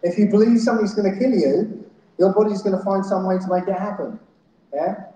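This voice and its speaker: A man with a high voice speaks briskly and warmly while giving a talk at a festival, often checking in with the crowd by asking "yeah?" and "right?". He is a conference speaker addressing a live audience in a festival hall, and the recording is very echoey.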